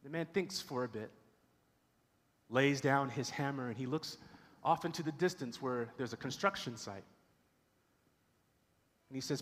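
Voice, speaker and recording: A man's voice: mid-range voice, measured pace, long pauses, a bit bright, long reverb tail. A man preaching a sermon as pastor, telling a story and doing voices for its characters. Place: church sanctuary.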